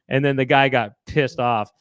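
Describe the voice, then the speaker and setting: A man's voice: mid-range voice, a bit bright, smooth, no echo. A man in his forties co-hosting a casual chat show, telling stories in a rambling way that keeps cutting itself off. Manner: rambling, self-interrupting storytelling. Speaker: co-host.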